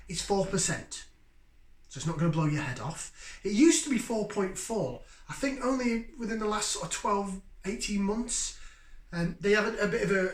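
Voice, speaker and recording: Chatty high-voiced man, roomy sound. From Yorkshire, England. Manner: chatty and enthusiastic, addresses viewers directly. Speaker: beer review channel host. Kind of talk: casual beer review vlog. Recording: roomy, echoey room sound.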